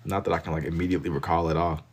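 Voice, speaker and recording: Young guy streaming, real low voice, chill slangy banter w chat. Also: fairly even intonation, very fast, slightly rough. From Kentucky. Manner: laid-back slang-heavy banter, reading and answering chat. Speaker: livestreamer. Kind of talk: casual chat with live viewers while drawing.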